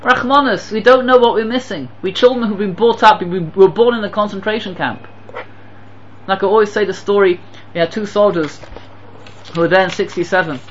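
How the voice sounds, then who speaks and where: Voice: medium pitch, a little fast, highs cut off, slight background noise. A Torah teacher giving an impassioned sermon, telling stories and pressing rhetorical questions with emphatic repetition. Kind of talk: sermon with storytelling.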